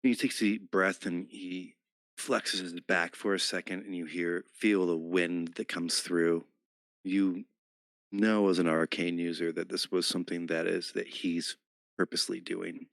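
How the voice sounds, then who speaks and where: A man narrating a tabletop game as game master, describing scenes in a measured way. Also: deep voice, level tone, vocal fry, no echo.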